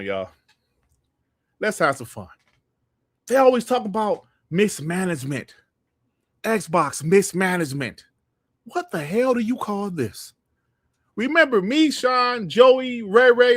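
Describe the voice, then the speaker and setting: A man hosting a gaming podcast livestream, ranting in a heated, profane and animated way. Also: high-pitched, no room sound, clean studio sound. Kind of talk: livestream commentary rant.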